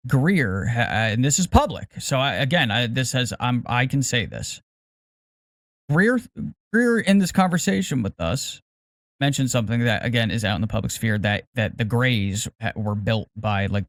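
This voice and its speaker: A middle-aged man talks through a podcast segment at an ordinary pitch, sounding careful and hesitant and stumbling over repeated words. His voice sits dry and close on the mic. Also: animated, normal speed, no echo. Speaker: podcast co-host. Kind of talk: casual podcast chat.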